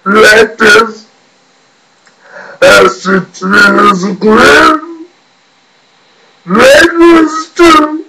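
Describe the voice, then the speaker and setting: A man putting on a gravel-voiced old male jazz singer, crooning a slow song. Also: high voice, completely flat delivery, voice pushed up, heavily acted. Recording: loud noise, home webcam.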